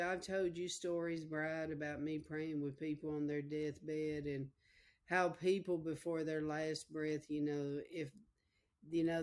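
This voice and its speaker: A middle-aged woman delivers a sermon woven through with personal testimony. Her voice sits a little low, and she takes her time, unhurried and deliberate. She tells the story with feeling, circling back on key lines and speaking right to her listeners. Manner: emotional, repetitive storytelling, addresses listeners directly. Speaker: preacher.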